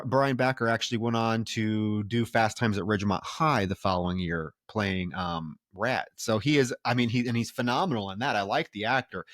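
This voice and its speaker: A man's voice: medium pitch, no echo, clean studio sound. A man co-hosting a film podcast, ranting bluntly with lots of swearing and acting out characters' lines. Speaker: podcast co-host. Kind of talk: casual film review chat.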